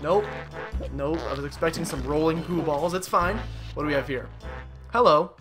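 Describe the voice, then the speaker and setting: A young man giving casual, jokey let's play commentary, excitable and talking to the game figures. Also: fairly high pitch, moderate pace. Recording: voice over loud game music. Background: game music.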